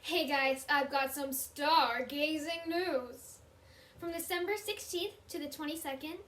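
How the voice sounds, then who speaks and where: A teenage girl with a very high, bright voice reads a school news item. She sounds chatty and eager. The recording is echoey, as if made in a bare room. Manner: chatty, enthusiastic. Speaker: student news presenter. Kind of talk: read news segment.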